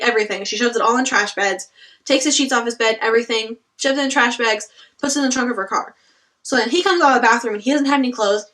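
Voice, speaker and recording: A young woman reviewing a book in casual chat, retelling scenes in an animated, exasperated way with lots of "like". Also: on the high side, distant mic.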